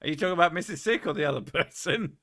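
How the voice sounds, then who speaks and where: A man's voice: a little high, rapid-fire, pushed and bright. A man hosting his stream, chatting casually and rambling, swearing freely and laughing at himself. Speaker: streamer host. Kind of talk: casual chat reading viewer messages.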